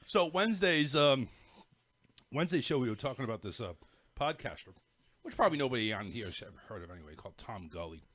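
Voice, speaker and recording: A man's voice: mid-range voice, fast talker. A man hosting a casual podcast chat, talking animatedly, joking and swearing with friends. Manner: animated, swearing, laughs often. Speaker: podcast host.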